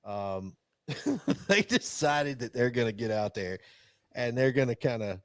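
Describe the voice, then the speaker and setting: A man's voice: medium pitch, sing-song, unhurried, pauses often, no room sound. A man co-hosting a podcast, rambling through a hunting story with lots of restarts and chuckles. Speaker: podcast co-host. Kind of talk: casual chat.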